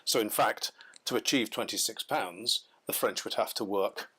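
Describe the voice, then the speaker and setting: A man from the United Kingdom gives a measured, explanatory business lecture over slides, with frequent ums and self-corrections. His voice is lowish, a bit bright, and husky.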